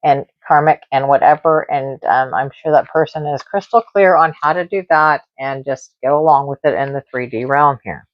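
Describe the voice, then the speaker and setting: A woman's voice: extremely low pitch, moderate pace, few pauses, dry recording. Emotional woman tarot reader, lo-fi stream. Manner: rambling, emotional, many fillers and repeats. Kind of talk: casual live-stream tarot reading. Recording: dull lo-fi live-stream audio.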